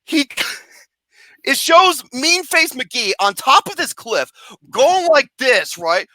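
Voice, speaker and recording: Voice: sits high, very animated, slow, pushed and bright, no room sound. A movie reviewer ranting about a film in a comedic, profane way, mocking and sarcastic, swearing constantly and breaking into laughter.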